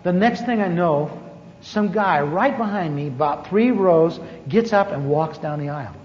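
In a lively testimony, an older man tells his story at a normal pace with a slightly high voice, animatedly acting out each bit of dialogue. His words echo through a hall on a muffled, lo-fi recording with a light hiss.

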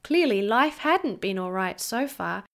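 A woman narrating a storybook in a slow, measured reading. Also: medium pitch, big pitch swings.

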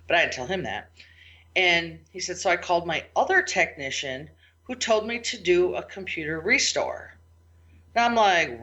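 A woman tells a work story in a casual, lively monologue, jumping way up in pitch when she acts out her own reactions. Her voice is bright and forceful. The recording is dull and lo-fi. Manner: animated, quotes herself and clients with big pitch jumps. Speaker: IT business owner and podcast host.

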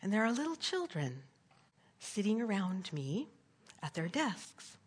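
A woman's voice: mid-range voice, very animated, unhurried, slightly rough. A woman preacher giving an earnest sermon that tells a story and moves into prayer, often checking in with "right?". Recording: long hall reverb.

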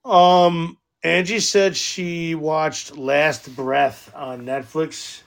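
A man co-hosting a podcast remotely in loud, profane, laugh-filled casual banter. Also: a little high, level tone, extremely slow, vocal fry. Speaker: podcast co-host.

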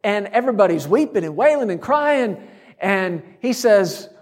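A man's voice: high voice, big pitch swings, normal speed. A man preaching a sermon, driving his points home through repeated declarations and rhetorical questions.

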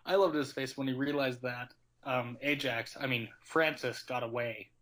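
A young man in casual film chat, animated and laughing often. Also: mid-range voice, normal speed. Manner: animated, laughing, acts out quotes.

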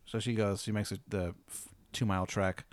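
A man's voice: fairly low pitch, flat delivery, normal speed, no echo. A young man narrating a tabletop game as game master, casual and profane, often stumbling over repeated words.

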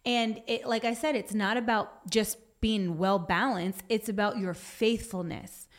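A woman's voice: medium pitch, steady tone, unhurried. Woman, devotional talk, earnest, exhorting, reads from notes. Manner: puts on a whiny voice for effect. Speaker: Christian speaker.

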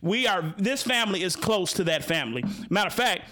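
A man hosting a casual live-stream talk, animated and joking, full of restarts and asides to the audience. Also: sits high, a little fast. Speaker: show host.

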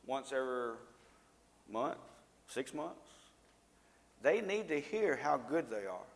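A man's voice: medium pitch, big pitch swings, slow pace, gravelly. A middle-aged man giving a conversational live sermon to a congregation, asking the audience questions and often repeating himself. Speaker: lay preacher and school teacher. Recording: long reverb of a large hall.

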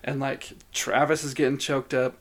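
A man's voice: medium pitch, flat delivery, moderate pace, a loud crowd. A man co-hosting a podcast in casual chat, telling stories in a chatty way with lots of "like". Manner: chatty storyteller, says "like" often. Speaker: podcast co-host.

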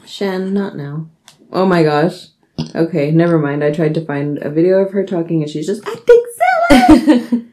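A woman's voice: fairly low pitch, huge pitch swings, moderate pace, warm tone. A young woman co-hosting a podcast, trading playful quips and reading a folk tale aloud. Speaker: podcast co-host.

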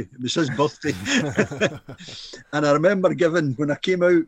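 A Scottish man in his fifties recalls his playing days in easy, animated chat. He acts out the quotes of others and laughs through his own story. His voice sits a little high, and the sound is close and dry. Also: moderate pace, no echo. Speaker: former footballer guest.

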